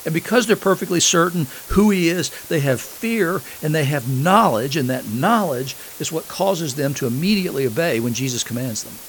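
A man's voice: a little high, animated, moderate pace, a little hiss or hum, low-quality recording. A man preaching a sermon. He reads scripture aloud, explains it, and puts questions to his listeners. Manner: asks the congregation questions.

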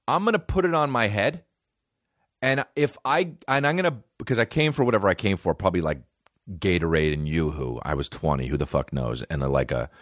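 Podcast host, male, forties: rambling profane storyteller, very lively pitch, dry close mic. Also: no echo. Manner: rambling, profane, jumps between tangents. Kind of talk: solo comedic podcast rant.

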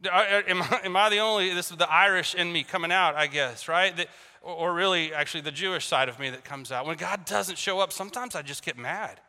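Male preacher, high voice, keeps the sermon light with jokes and questions to the crowd; recorded in a reverberant hall. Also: a little fast. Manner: animated, joking, talks to the crowd with questions. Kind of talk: sermon with personal storytelling. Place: large hall with a congregation. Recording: long reverb from a large hall.

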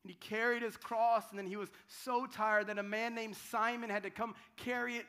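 A man preaching a sermon as pastor, dramatic, swinging from loud cries to hushed tones and often restarting his words. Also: high-pitched, level tone, normal speed, smooth. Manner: restarts and repeats words while telling the story.

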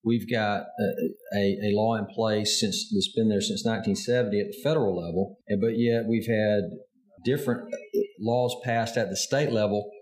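Male podcast host, lowish voice, halting delivery with lots of restarts. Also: fairly even intonation, a little mellow. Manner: halting, frequent restarts and fillers. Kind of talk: casual podcast interview.

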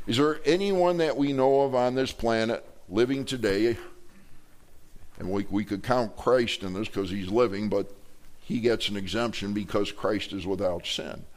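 A male pastor delivers a sermon from the pulpit of a church sanctuary in a middle-pitched voice. His delivery is loose and conversational, stumbling and restarting words, and he slips jokes to the congregation between points.

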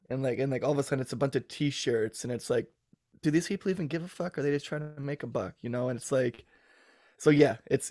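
A man from the United States, a guest on a podcast, talking in a relaxed, reflective way and laughing easily. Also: mid-range voice, no room sound, studio quality. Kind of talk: casual podcast chat.

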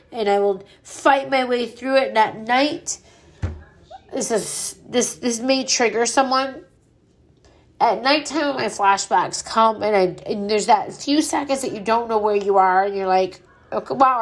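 Middle-aged woman talking straight from the heart on her podcast, blunt and earnest, kinda high voice. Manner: candid, earnest, swears freely. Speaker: podcast host. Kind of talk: personal grief podcast monologue.

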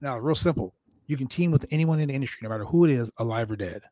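A man hosting a podcast interview, telling stories in a casual, animated and profane way. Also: mid-range voice, racing, dry recording. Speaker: podcast host.

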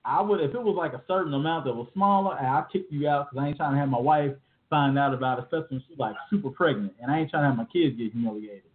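A man in his thirties co-hosting a podcast, telling stories in animated, slangy casual chat. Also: medium pitch, very fast. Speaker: podcast co-host. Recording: tinny phone-like audio.

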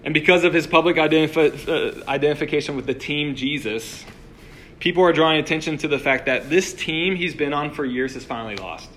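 A man's voice: fairly high pitch, fairly quick, fairly bright tone, a little hiss or hum. A young man giving a conversational sermon to a room of listeners, full of "like" and restarts. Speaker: preacher. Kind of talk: casual sermon. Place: room with a live audience.

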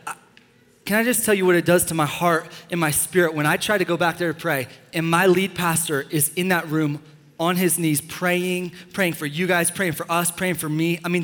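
A young man preaching a sermon as a pastor, enthusiastic and joking with sudden loud bursts. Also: on the high side, steady tone, normal speed. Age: young adult. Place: large church hall. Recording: long church-hall reverb.

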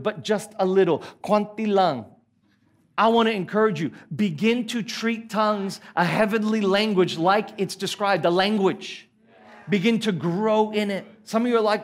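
An Australian pastor preaching a sermon at a church service, earnest and emphatic with playful asides. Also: male voice, sits high.

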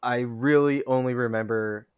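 Male co-host, mid pitch, dry close sound, giggly banter. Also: fairly even intonation, clear, resonant tone, dry recording, highs cut off. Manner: laughs often, quick banter. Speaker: podcast co-host. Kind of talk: casual movie-rewatch chat.

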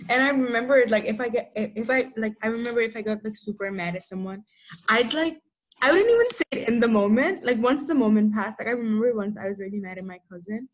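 A woman's voice: on the high side, expressive, fast talker, slight background noise. A woman in her twenties co-hosting a podcast, telling stories in a rambling way with many fillers and frequent laughs. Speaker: podcast co-host. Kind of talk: casual chat.

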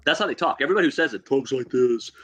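A young adult man co-hosting a casual sports chat, joking and animated, teasing rival fans. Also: mid-range voice, racing. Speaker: co-host.

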